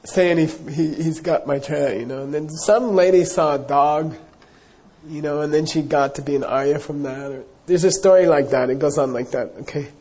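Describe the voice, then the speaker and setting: A man giving a dharma talk, telling a story casually and wandering with plenty of fillers. His voice sits a bit high, mellow and slightly husky. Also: normal speed. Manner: casual, rambling, many fillers. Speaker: Buddhist teacher.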